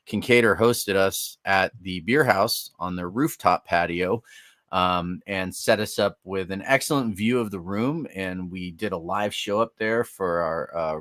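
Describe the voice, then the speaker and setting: Jokey lower-voiced male co-host. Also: fairly bright tone, dry recording, studio quality. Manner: jokey, laughs while reading event details. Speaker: podcast co-host. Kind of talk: casual sports podcast chat.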